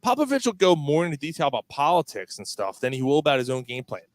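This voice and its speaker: A man's voice: a little high, quick pace, no room sound. Guy ranting about sports, blunt and sweary, dry close sound. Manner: blunt, animated, swears freely. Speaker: podcast co-host. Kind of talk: casual sports chat.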